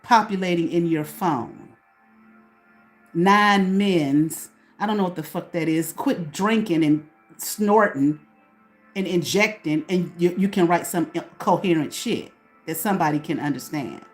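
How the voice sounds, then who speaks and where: A woman's voice: lowish voice, unhurried, faint music behind. A woman hosting her own small channel, ranting at someone in a profane, confrontational way and putting questions to herself. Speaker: channel host. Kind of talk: ranting to camera.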